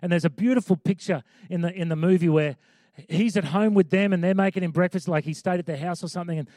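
Male pastor, high voice, chatty sermon, emphatic repetition, dry close sound. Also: fast, mellow, no room sound. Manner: conversational preaching with emphatic repeated lines.

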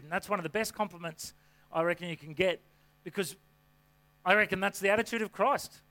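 A man preaching a sermon to a congregation from a church stage, with an energetic, folksy delivery full of rhetorical questions. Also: high voice, a little fast. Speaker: pastor.

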